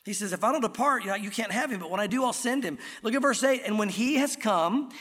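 A pastor preaching a sermon in an earnest, emphatic way, slowing down to stress key words. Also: male voice, high voice, a bit bright. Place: church sanctuary. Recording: long reverb of a church hall.

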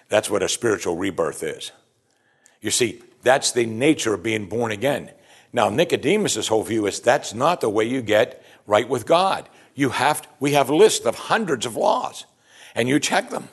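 Husky-voiced man preaching animatedly. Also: medium pitch, expressive, moderate pace. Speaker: pastor. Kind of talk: sermon.

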